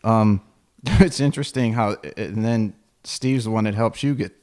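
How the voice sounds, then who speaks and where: A man's voice: on the low side, measured pace, darkish tone. A man hosting a podcast, chatting in a friendly way and reminiscing. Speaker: podcast host. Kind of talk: casual chat.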